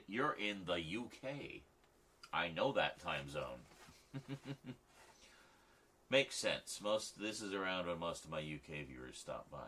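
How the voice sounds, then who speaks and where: A man's voice: very deep voice, pushed and bright, a little hiss or hum. A man hosting a late-night livestream, chatting casually with viewers and rambling with many restarts. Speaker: livestream host. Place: home at night.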